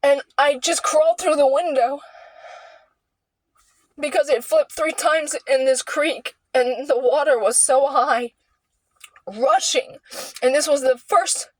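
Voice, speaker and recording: A young woman telling a candid personal story, earnest and heartfelt, with halting restarts and sighs. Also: sits high, steady tone, no room sound, poor audio. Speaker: vlogger sharing a personal story.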